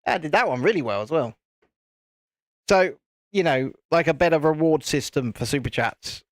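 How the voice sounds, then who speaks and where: In clean studio audio with no room sound, a man with a voice on the high side talks at a moderate pace, animated, while building a set on his live stream. As channel host, he chats casually and rambles, dropping the odd casual swear.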